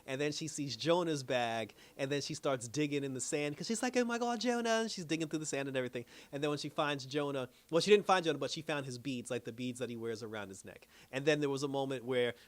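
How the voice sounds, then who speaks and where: A man's voice: medium pitch, fast, hardly any pauses. A man hosting a TV review channel, recapping an episode in a loose, slangy, chatty way and laughing often. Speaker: TV review host. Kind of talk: casual spoken recap.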